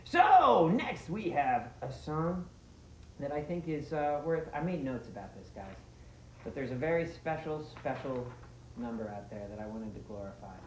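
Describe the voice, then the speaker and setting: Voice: medium pitch, expressive, moderate pace, a little hiss or hum, close to an everyday voice. A performer playing a goofy, rambling wasteland busker who talks to the audience between jokey songs on a guitar. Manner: rambling, self-narrating, jokey. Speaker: in-world musical entertainer. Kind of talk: comedic in-character musical interlude. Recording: echoey room, dull lo-fi sound, loud guitar.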